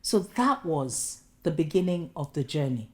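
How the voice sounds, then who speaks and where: A Nigerian woman professor recounts her personal journey in an animated, storytelling way, dropping humorous asides. Her voice sits a little low. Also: unhurried. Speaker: guest speaker, professor.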